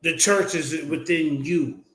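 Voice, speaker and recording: A man hosting a casual streamed discussion, talking in an animated, slangy, emphatic way. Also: on the high side, slow. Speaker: host.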